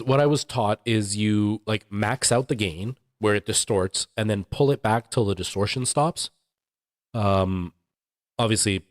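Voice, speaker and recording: A man's voice: on the low side, no room sound, studio quality. A man hosting a livestream, chatting casually and explaining audio settings to his chat. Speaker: livestream host.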